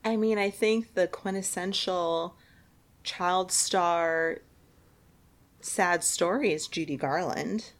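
Woman podcast co-host, low-pitched voice, casual chatty talk, laughs a lot. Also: slow pace. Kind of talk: casual chat.

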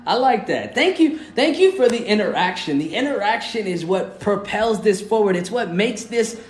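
A man hosting a live stream, talking in a loose, rambling and earnest way, encouraging his listeners. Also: high voice. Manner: loose, rambling, often asks "you know what I mean". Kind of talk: casual live-stream talk. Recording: roomy echo, faint music.

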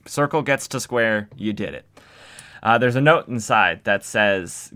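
A man's voice: lowish voice, expressive, a little slow, pushed and bright, clean tone. A young man casually recapping old comics as a podcast host, with wry, sarcastic asides.

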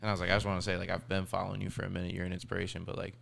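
Fast-talking gravelly young man. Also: low-pitched, completely flat delivery, noisy background. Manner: fast, slangy storytelling with lots of quoted dialogue. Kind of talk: casual chat.

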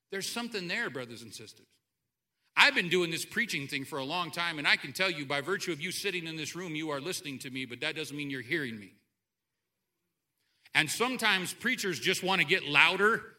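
A man preaching a sermon to a church congregation, animated, swinging between loud outbursts and quiet asides. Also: sits high, brisk. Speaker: pastor. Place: church sanctuary.

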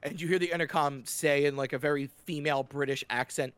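A man game master narrating a tabletop game in a casual, halting way. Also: a little high, fairly even intonation, fairly bright tone, smooth, no echo.

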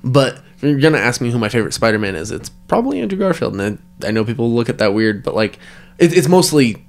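A man's voice: medium pitch, sing-song, fast, creaky. A man co-hosting a podcast in casual chat, swearing freely and often restarting his sentences. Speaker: podcast co-host.

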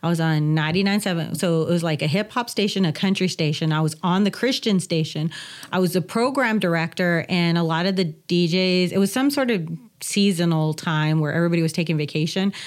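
A woman in her forties, a business owner and guest on a podcast, telling stories in an animated, chatty way with frequent laughs. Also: fairly low pitch, brisk. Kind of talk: casual interview storytelling.

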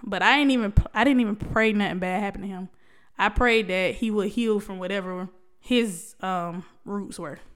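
A woman's voice: medium pitch, normal speed, a bit bright. A young woman talking candidly to her viewers about her life and faith, with frequent restarts and laughter. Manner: emotional, testifying, laughs often, many restarts. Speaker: vlogger sharing a personal story. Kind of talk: candid personal talk to camera.

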